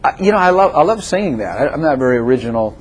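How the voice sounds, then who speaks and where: An older man preaching a sermon as a pastor, emphatic and repetitive, swinging between loud declarations and softer asides. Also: medium pitch, sing-song, very fast, slightly rough.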